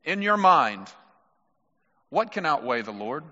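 Male pastor, sermon, slightly high voice, muffled recording. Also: sing-song, takes it slowly, bright, forceful tone. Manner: emphatic, addresses mothers directly. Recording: muffled sound with long hall reverb.

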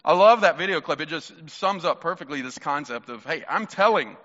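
A man preaching a sermon in an animated, playful way, talking with the congregation. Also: on the high side, fairly quick, long reverb tail, lo-fi sound. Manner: animated, playful, talks to the crowd.

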